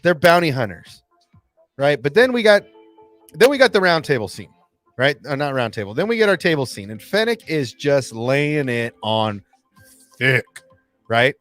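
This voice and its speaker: A man hosting a fan channel, recapping an episode in casual livestream chat, excitable and acting out lines in voices. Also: fairly high pitch, normal speed, soft background music. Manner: excitable, acts out quotes in voices.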